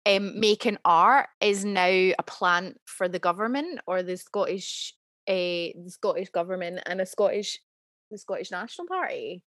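A woman's voice: medium pitch, moderate pace, fairly bright tone, dry recording. A woman questions things in a casual chat, sounding incredulous. Her voice is recorded dry and close.

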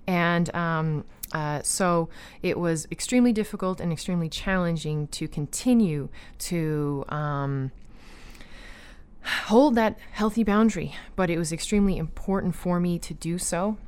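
A woman talking casually about her own life, earnest, with lots of fillers and restarts, growing animated when she retells disagreements. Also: fairly low pitch, a little slow, clear, resonant tone. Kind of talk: personal storytelling chat.

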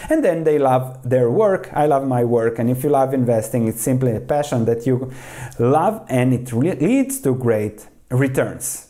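A man's voice: mid-range voice, animated, unhurried, dark tone. A man steadily explaining investing ideas and reading quoted passages aloud, often restarting words mid-sentence. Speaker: investing commentator.

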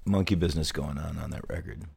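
A man co-hosting a podcast, chatting casually and acting out voices in a lively anecdote. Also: very deep voice, fast talker, vocal fry. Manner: acts out voices in anecdotes, swears freely. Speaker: podcast co-host and musician. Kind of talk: casual chat, animated storytelling.

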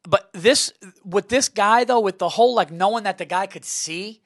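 Guy hosting a podcast, fairly high voice, super dry close sound, gets animated telling stories. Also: normal speed, dry recording. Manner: animated storyteller, laughs while telling. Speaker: podcast host. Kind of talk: casual chat.

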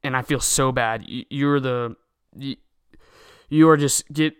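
Young guy ranting, worked up and stumbling over his words, smooth clear voice. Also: mid-range voice, fairly even intonation, measured pace, no room sound, clean studio sound. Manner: agitated and indignant, repeats words and restarts. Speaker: political commentator. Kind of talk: solo opinion rant.

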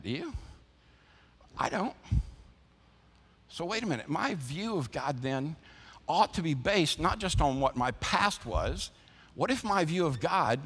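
The sound of long reverb fills the church building where this pastor from the American South is preaching. His voice is fairly high and a little bright, and he engages listeners with rhetorical questions and call-and-response.

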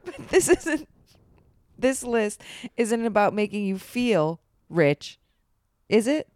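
A woman co-hosting a podcast in casual chat, wry and quick to laugh. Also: medium pitch, big pitch swings, darkish tone, dry recording. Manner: wry and laughing, reading aloud. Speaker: podcast co-host.

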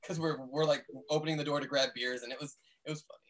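A man in a band, telling tour stories in casual chat, animated and swearing freely. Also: a little high, fast, a little hiss or hum. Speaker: band member.

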